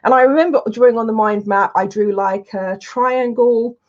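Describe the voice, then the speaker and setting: A woman, a public speaking coach, telling anecdotes in a casual, animated way and acting out her own lines. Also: on the high side, moderate pace. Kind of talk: casual storytelling to camera. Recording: dull lo-fi sound.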